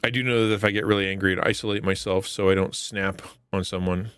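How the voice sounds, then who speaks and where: A man's voice: sits low, steady tone, fast talker, fairly bright tone, smooth, no echo, soft background music. A man hosting a live stream, talking through a psalm in an earnest, conversational way with frequent restarts and rhetorical questions. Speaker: Christian streamer and devotional host. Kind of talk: casual devotional chat on a stream.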